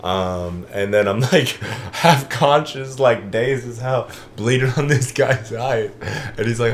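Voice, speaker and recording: A man in his twenties on a podcast, casually telling a long story with lively swings and casual swearing. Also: mid-range voice, takes it slowly, few pauses, a little hiss or hum. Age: 20s. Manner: animated storyteller, swears, says "bro". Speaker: podcast co-host. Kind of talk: casual chat.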